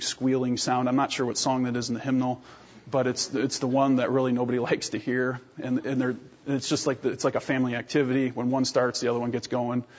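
A man in his thirties preaching a sermon as a pastor, telling lively stories with self-deprecating humor and often clearing his throat. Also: mid-range voice. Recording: dull lo-fi sermon recording.

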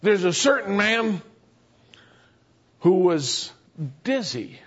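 A man's voice: high voice, sing-song, slow pace, fairly bright tone, muffled recording. A man preaching a sermon, reading scripture and then explaining it in an earnest, emphatic way with many rhetorical questions.

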